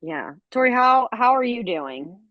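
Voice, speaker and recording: A woman's voice: fairly high pitch, sing-song, unhurried, no echo, phone-quality sound. A woman from the States co-hosting a podcast, telling travel stories in a chatty way, with lots of fillers and laughs. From United States. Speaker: podcast co-host. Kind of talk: casual chat. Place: travelling abroad, speaking remotely.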